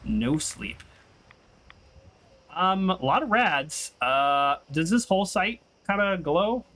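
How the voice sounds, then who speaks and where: Bright-voiced man rambling through a gameplay session. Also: high-pitched, lively intonation, unhurried. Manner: rambling and chatty, tells stories while playing. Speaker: gaming channel host. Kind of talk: casual let's-play commentary.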